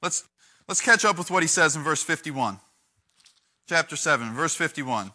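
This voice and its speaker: A man preaching to a youth group in a lively, conversational way, acting out the quotes he reads with big swings in volume. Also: on the high side, moderate pace. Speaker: youth pastor.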